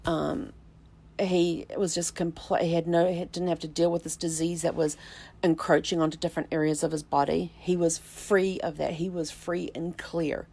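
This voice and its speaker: Low, gravelly-voiced woman storyteller. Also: little pitch movement. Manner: reflective, unhurried, with halting restarts and soft fillers. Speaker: vlog host, family tree researcher. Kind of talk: personal storytelling to camera.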